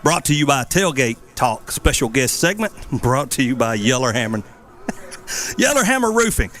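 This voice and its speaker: A man's voice: medium pitch, lively intonation, moderate pace. A man with a Southern accent hosting a radio sports talk show, folksy and laughing. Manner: folksy, laughing, warm sign-offs.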